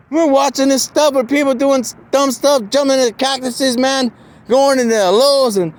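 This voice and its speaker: Man, very high voice, rambling casual talk, filler-heavy, slips into acted quotes. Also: steady tone, moderate pace. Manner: meandering, repeats "man" and "you know", acts out quoted voices.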